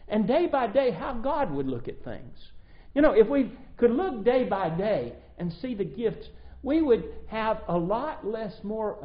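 A man preaching a sermon, reading scripture and speaking earnestly, his volume swelling and dropping. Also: high-pitched. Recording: dull lo-fi recording.

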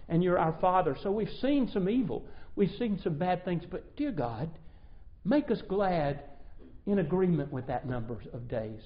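A man's voice: sits high, very animated, normal speed. A man preaching a sermon, reading scripture and speaking earnestly, his volume swelling and dropping. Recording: dull lo-fi recording.

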